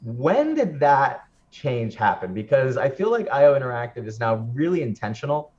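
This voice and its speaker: A man's voice: medium pitch, very animated, moderate pace, darkish tone, dull audio. A man interviewing a guest, asking eager questions in casual conversation.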